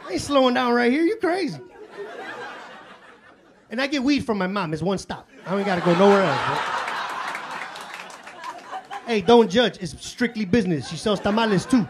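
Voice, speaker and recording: A man doing live stand-up comedy in a club, telling stories in a profane, excitable way. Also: high voice, a little fast. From Chicago. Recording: live club with audience laughter. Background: crowd laughter and room noise.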